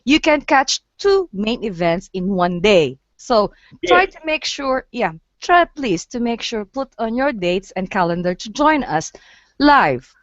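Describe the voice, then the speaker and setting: A woman's voice: a little high, very animated, no echo. Giggly woman host on a dull call. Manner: chatty, giggly, halting with fillers. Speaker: host of a live photo-walk stream. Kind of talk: casual group chat. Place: Japan.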